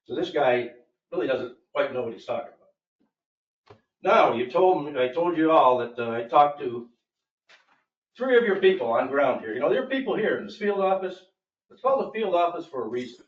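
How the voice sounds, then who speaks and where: A man's voice: fairly high pitch, sing-song, normal speed, pauses often, echoey room, far from the mic, lo-fi sound. A man speaking at a public board meeting, telling his complaint with emphatic, aggrieved storytelling and quoting others. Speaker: property owner speaking at public comment.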